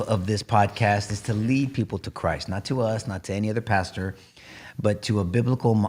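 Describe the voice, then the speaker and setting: A man's voice: fairly low pitch, darkish tone. A man hosting a faith discussion podcast, earnest and emphatic, recorded in a home garage. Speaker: podcast host. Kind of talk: casual podcast talk.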